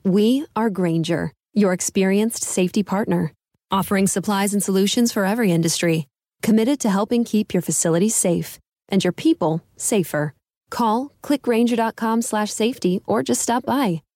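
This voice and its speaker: A woman voicing a scripted advertisement with a measured, reassuring delivery. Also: mid-range voice, a little mellow, no room sound, studio quality. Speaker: advertisement voice-over. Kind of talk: scripted ad read.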